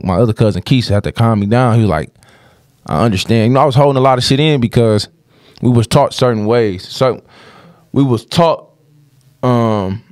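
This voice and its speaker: Low-voiced young man telling a story. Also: darkish tone, no echo, clean studio sound. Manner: heavy slang, profanity, restless run-on sentences. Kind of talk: casual storytelling.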